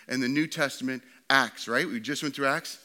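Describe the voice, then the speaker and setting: A pastor preaching a sermon to his church, swinging from loud and excited to quiet and hushed. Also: mid-range voice, moderate pace.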